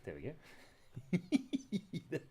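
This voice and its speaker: Speaking at a fairly high pitch that swoops wildly, this man draws out his words in a mellow voice with a breathy edge. He hosts a live drawing stream indoors at his computer, rambling playfully, jumping from one random thought to another and frequently stopping mid-word.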